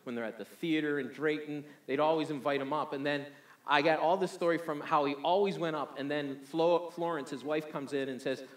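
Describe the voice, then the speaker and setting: A man's voice: a little high, steady tone, a little fast, echoey room. A man preaching a sermon energetically, often repeating words as he restarts. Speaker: pastor.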